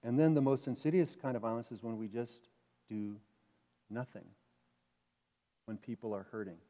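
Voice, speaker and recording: A male pastor preaching a sermon in a conversational, animated way, asking the congregation questions. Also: mid-range voice, moderate pace. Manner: animated, acts out inner voices. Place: church sanctuary. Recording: dull reverberant church hall.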